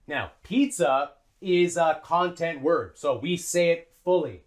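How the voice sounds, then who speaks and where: Slow careful english teacher, lots of pitch jumps, says drills again and again. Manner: animated, repeats drills slowly and stretches sounds. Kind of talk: pronunciation lesson.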